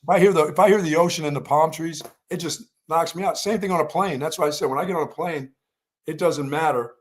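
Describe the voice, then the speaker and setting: A man's voice: a little high, fast talker, slightly rough. A man co-hosting a sports radio show, chatting casually, rambling and repeating himself with stammered restarts. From Pennsylvania. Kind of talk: casual morning show chat.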